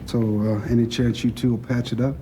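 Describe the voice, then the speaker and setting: An actor playing an older crime boss with a gruff, gravelly, blunt and profane way of talking, in a film scene. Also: male voice, medium pitch, level tone, brisk, background noise, close to an everyday voice. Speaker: crime boss planning a heist. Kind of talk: film dialogue.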